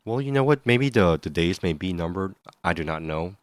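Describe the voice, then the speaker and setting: A man co-hosting a podcast, speaking in a measured, thoughtful way that sometimes stumbles over repeated words. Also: deep voice, expressive, no echo, studio quality. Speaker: podcast co-host. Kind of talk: casual podcast chat.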